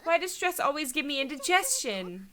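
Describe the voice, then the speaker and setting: Woman streamer reading a timid teen schoolgirl, game dialogue, high bright tone. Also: big pitch swings, normal speed, full character voice. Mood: scared. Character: anxious teenage schoolgirl, gentle and frightened.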